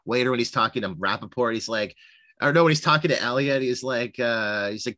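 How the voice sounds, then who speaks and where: A man's voice: medium pitch, quick pace, bright, forceful tone, no echo. A man co-hosting a movie podcast, talking in a rambling, casual way full of fillers and retold movie lines. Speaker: podcast co-host. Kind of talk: casual film discussion.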